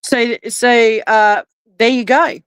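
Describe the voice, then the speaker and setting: A woman's voice: fairly high pitch, fairly even intonation, takes it slowly, clean tone, no room sound. A woman, furious and swearing nonstop in a livestream rant, shaking with anger. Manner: furious, swearing constantly, repeating demands. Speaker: live streamer.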